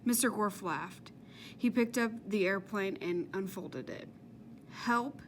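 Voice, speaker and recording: A woman narrating a children's chapter book with steady, measured storytelling. Her voice sits at a middle pitch, with a faint hiss behind it. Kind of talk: audiobook narration.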